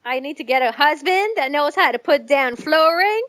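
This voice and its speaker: A young woman co-hosting a podcast in casual chat, swearing freely, laughing often and rambling quickly. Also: sits high, lively intonation, fairly bright tone. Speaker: podcast co-host.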